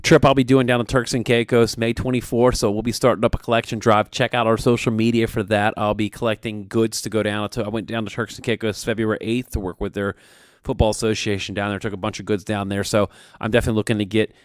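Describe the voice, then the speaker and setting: A man's voice: on the low side, flat delivery, quick pace, no room sound. A man co-hosting a radio sports show, talking in an earnest, rambling way about coaching, with plenty of fillers. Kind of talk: casual radio talk.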